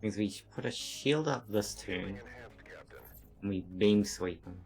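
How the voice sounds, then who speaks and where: Man, game streamer, low voice, casual commentary, thinking aloud, stumbling restarts, faint game music. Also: measured pace, darkish tone, poor audio.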